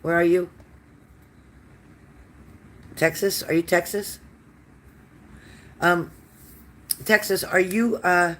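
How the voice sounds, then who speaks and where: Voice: medium pitch, steady tone, unhurried, pauses often, slight background noise. A psychic card reader hosting a live stream, chatting loosely with viewers by name, with many fillers and restarts. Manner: chatty and warm-toned, addressing viewers by name and calling them honey. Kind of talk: casual live-stream card reading, answering viewer comments.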